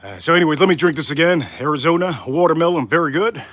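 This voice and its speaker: A man's voice: a little high, lively intonation, fast talker, a bit bright, no echo. A man hosting a casual live cooking stream from his home kitchen, out of breath from crouching while he talks to his viewers. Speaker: livestream cooking host.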